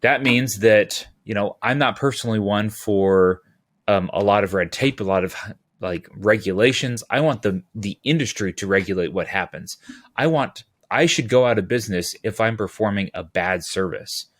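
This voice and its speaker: Low-voiced guy from california, rambles on as a podcast guest, jumps into side stories. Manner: rambling, animated, restarts and quick asides. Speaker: podcast guest, utility locator. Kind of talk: casual interview talk.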